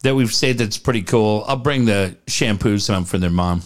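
A man's voice: on the low side, moderate pace. A middle-aged man co-hosting a casual podcast, telling funny stories with lots of laughing, swearing and acted-out voices. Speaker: podcast co-host. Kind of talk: casual chat, storytelling.

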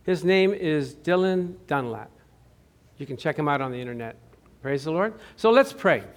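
A man's voice: on the high side, moderate pace. A man preaching a sermon as pastor, telling stories with acted-out quotes and putting questions to the congregation. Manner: lively storytelling with acted-out quotes, asks the audience questions.

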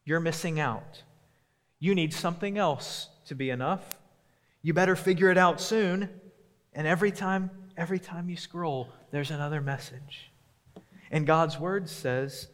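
Slow earnest preaching man, reverberant hall. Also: fairly high pitch. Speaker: pastor. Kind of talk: sermon and closing prayer. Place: church sanctuary.

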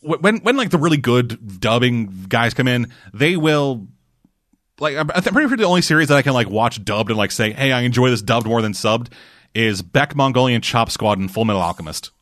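This podcast co-host, a man with a medium-pitched, fairly bright voice, talks briskly with lively intonation. He rambles and swears freely through a casual gaming chat, full of restarts and fillers. The studio recording is clean and dry.

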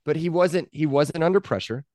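A man's voice: a little high, normal speed, a little mellow, no room sound, studio quality. A man co-hosting a sports podcast, arguing his points in casual chat and repeating himself for emphasis. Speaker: podcast co-host.

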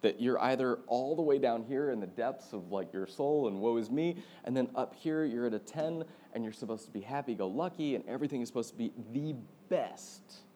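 A young man preaching a sermon, telling a lively story and laughing often as he talks. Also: medium pitch, fairly quick, hardly any pauses, slight background noise. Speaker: pastor.

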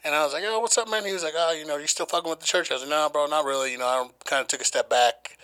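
A man's voice: fairly high pitch, very fast. A young man co-hosting a podcast, telling a story casually with lots of swearing and acted-out quotes. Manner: profane, animated storytelling, acting out quotes. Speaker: podcast co-host.

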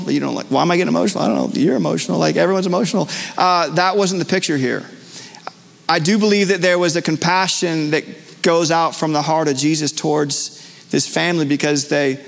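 A man's voice: a little high, gravelly. A male pastor preaching a live sermon in a church, earnest and conversational with frequent fillers and restarts. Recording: long church hall reverb.

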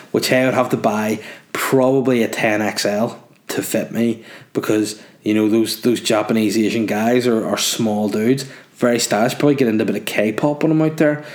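Male podcast host, casual and crude, rambles through listener questions with jokes. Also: lowish voice. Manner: crude, joking, rambling with frequent ums. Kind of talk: casual solo podcast chat, reading listener messages.

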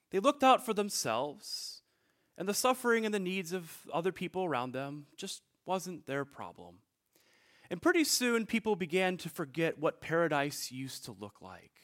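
Lively, animated male pastor preaching. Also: sits high. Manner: storytelling, conversational, with asides to the congregation. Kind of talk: sermon.

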